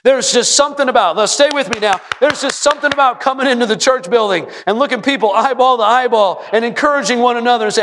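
High-voiced preaching man, echoing church. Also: quick pace, hardly any pauses. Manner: preaches with rising emphatic repetition, sometimes shouting. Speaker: pastor. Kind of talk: sermon. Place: church sanctuary. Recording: long hall reverb.

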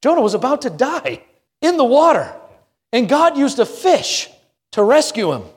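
A man's voice: very high voice, big pitch swings, normal speed, slightly rough, big-room sound. A middle-aged man preaching a sermon, telling a story dramatically and building repeated refrains. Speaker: pastor. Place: church sanctuary.

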